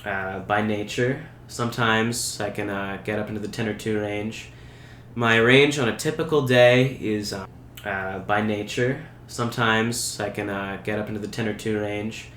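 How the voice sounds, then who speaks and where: Earnest young man, low voice, roomy. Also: fairly even intonation, moderate pace, fairly bright tone. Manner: earnest, thoughtful, hesitant with fillers. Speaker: camp staff guest. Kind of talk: casual interview chat. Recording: roomy recording with faint background hum.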